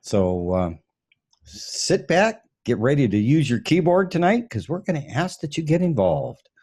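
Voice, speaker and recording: A man's voice: fairly high pitch, very animated, measured pace, darkish tone, breathy edge. A man from the Pacific Northwest hosting a casual live stream, chuckling often as he reads out listener check-ins. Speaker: host.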